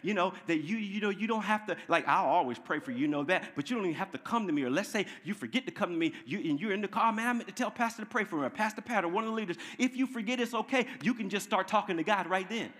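A male pastor preaching a sermon in a church, quizzing the congregation with questions and swinging between loud, high emphasis and quiet, low tones. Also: lively intonation, quick pace, few pauses. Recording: long hall reverb.

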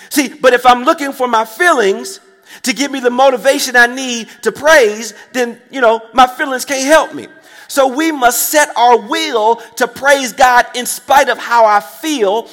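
High-voiced preacher in a reverberant hall. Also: male voice, fairly bright tone. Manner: emphatic call-and-response, repeats phrases, checks in with listeners. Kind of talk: sermon. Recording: long reverb of a large hall.

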